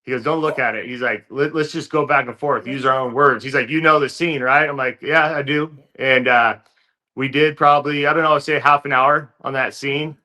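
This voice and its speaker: A man sits as a guest in an interview and tells his story in a loose, easygoing way, leaning on plenty of fillers. His voice has a bright, forceful edge at a middle pitch. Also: normal speed. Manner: relaxed, filler-heavy storytelling. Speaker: interview guest, fighter turned actor.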